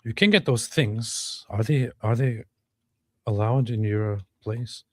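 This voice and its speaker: A man's voice: mid-range voice, slow pace, no room sound, studio quality. A man co-hosting a livestream in casual chat, reading viewers' comments aloud.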